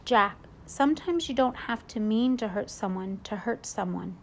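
A woman's voice: a little high, lively intonation, normal speed, a little hiss or hum. A woman reading a storybook, voicing a stern but caring babysitter who scolds firmly and calls on the Lord. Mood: regretful. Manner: scolding, firm, God-fearing.

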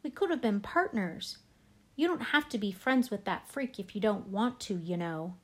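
A woman's voice: medium pitch, lively intonation, moderate pace, lightly acted. A woman reading aloud, voicing a smirking, taunting schoolboy bully. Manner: taunting, mock-innocent.

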